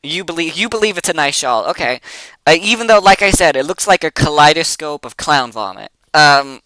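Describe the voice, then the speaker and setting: A game master narrating a tabletop game in a loose, halting, conversational way, often restarting a phrase. The voice is bright and crisp, with a lively swing, recorded close and dry. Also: medium pitch, dry recording, low-quality recording. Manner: hesitant, many fillers and restarts, casual swearing.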